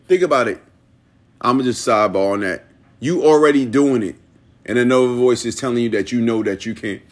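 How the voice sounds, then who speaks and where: A man's voice: medium pitch, brisk, slight background noise. A man hosting a motivational talk, dramatic and repetitive, often laughing between his lines. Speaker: motivational podcast host. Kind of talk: inspirational monologue.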